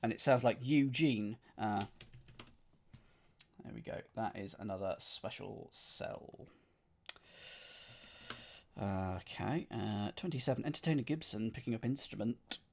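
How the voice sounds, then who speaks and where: A man's voice: on the low side, a little slow, creaky, long pauses, a little mellow. A man streaming himself solving a cryptic crossword, reading clues aloud and musing over the wordplay. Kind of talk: thinking aloud while solving.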